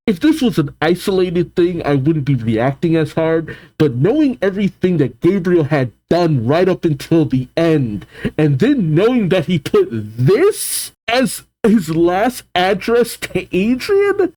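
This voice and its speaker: Expressive, slow-talking man reacting. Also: a little high. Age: adult, older than the show's young fans. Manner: exclamatory, thinks aloud with many groans and sighs. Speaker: reaction video host. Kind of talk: reacting to a cartoon episode.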